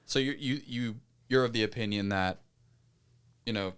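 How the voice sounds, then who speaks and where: A man's voice: medium pitch, normal speed, a bit bright, clean tone. A man hosting a podcast, chatting casually and reacting with slang like dude. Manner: casual, chatty, uses words like dude and creepy. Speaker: podcast host. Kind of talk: casual chat.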